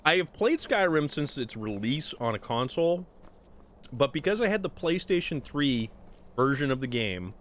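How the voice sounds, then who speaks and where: A man streams a game and talks his way through it in a loose, chatty commentary. His pitch bounces all over the place and shoots up on excited reactions. His voice sits in a middling register. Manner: animated, jumpy pitch with sudden high exclamations. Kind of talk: casual live gameplay commentary.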